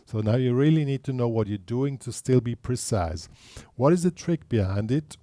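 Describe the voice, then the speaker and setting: A man's voice: mid-range voice, expressive, normal speed, dark tone, no echo. A man teaching a guitar lesson, explaining patiently step by step and counting beats aloud.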